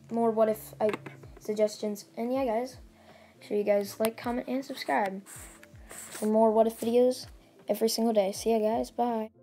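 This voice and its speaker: A woman's voice: fairly high pitch, dark tone. A woman casually retelling a fan-made story for her channel, rambling with many fillers and restarts. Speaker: channel host.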